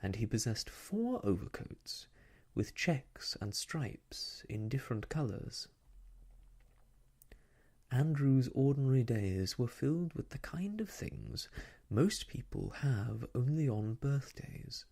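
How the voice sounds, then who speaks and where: Soft asmr storyteller guy, husky low voice, lots of lilt, half whispering. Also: animated. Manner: gentle, slow, partly whispered.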